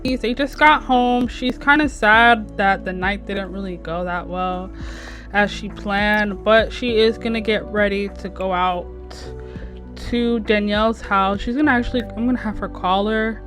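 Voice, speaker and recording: A woman's voice: medium pitch, unhurried, a bit bright, soft background music. A woman giving casual, offhand commentary on her life-sim gameplay as channel host. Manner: chatty, offhand.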